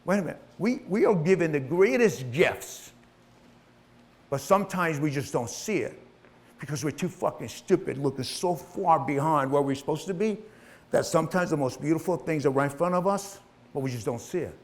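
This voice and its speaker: A man's voice: on the high side, expressive, moderate pace. A middle-aged man telling his own life story in a motivational talk, swearing freely and acting out the people in it. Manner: emotional, profane, acts out voices in his story.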